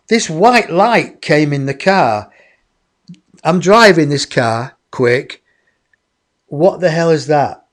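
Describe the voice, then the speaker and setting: A man, a guest in an interview, telling a personal story in a lively way and acting out other people's voices. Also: a little high. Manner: animated, acts out others' voices.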